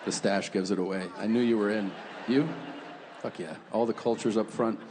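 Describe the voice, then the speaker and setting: A man's voice: fairly low pitch, steady tone, moderate pace, noisy background. A man doing stand-up comedy, telling crude, profane stories in a conversational way and acting out what people said. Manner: crude, profane, conversational storyteller who acts out quotes. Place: comedy venue stage before a live audience. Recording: reverberant hall with crowd ambience.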